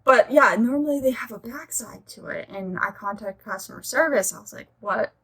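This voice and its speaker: Bright-voiced gushing young woman. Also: fairly high pitch, normal speed, breathy edge. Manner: gushing, chatty, rambling asides. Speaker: nail polish vlogger. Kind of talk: casual review chat.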